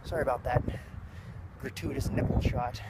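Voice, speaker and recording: A man's voice: mid-range voice, steady tone, normal speed. A man in his thirties with a nasal voice, talking in a casual vlog. He rambles earnestly, mixes in self-mocking jokes and sounds sleep-deprived. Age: 30s. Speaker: vlog host and father. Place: outdoors while walking between offices. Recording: noisy street and traffic sound.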